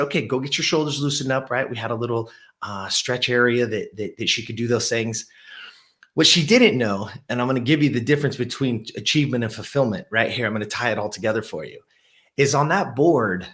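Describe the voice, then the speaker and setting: A middle-aged gym owner who also hosts tells a motivational story to the camera. His voice climbs with excitement, then sinks low when he reflects.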